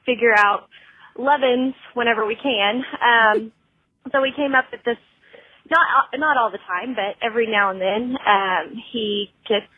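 A woman's voice: fairly high pitch, unhurried, husky, no echo. A woman in her thirties, a working mom, leaving a candid, slightly sheepish voicemail for the show. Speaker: caller. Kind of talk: recorded voicemail. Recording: tinny phone line.

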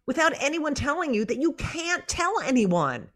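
A middle-aged woman comedian, guest on a casual podcast, telling stories in an animated, profane way. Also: high voice, moderate pace.

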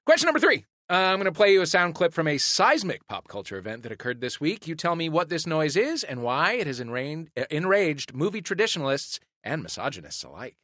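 A man hosting a comedy panel quiz, animated and laughing through self-mocking anecdotes. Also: a little high, brisk, few pauses, no echo, clean studio sound. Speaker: quiz show host.

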